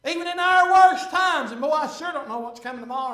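A man preaching a sermon and reading scripture aloud, impassioned and swelling to shouts, with frequent "uh" fillers. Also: extremely high pitch, expressive, fast talker. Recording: echoey room.

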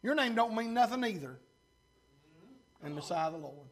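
A man preaching a sermon fervently, surging louder between drawn-out 'uh' pauses and then dropping low. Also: animated. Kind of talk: revival-style sermon.

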